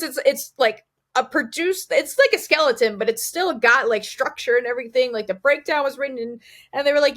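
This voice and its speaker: Young woman singer chatting, lively, acts out what people said, drops f-bombs, highish voice. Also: normal speed. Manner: animated storyteller, swears casually, quotes others. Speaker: band singer, interview guest. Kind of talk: casual interview chat.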